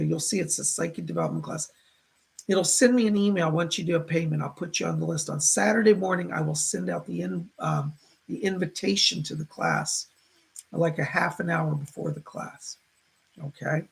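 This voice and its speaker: Gravelly-voiced man hosting a chatty livestream. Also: sits high, fairly bright tone. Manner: chatty and effusive, greets viewers by name and reads their comments. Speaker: psychic livestream host. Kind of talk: casual live-stream chat.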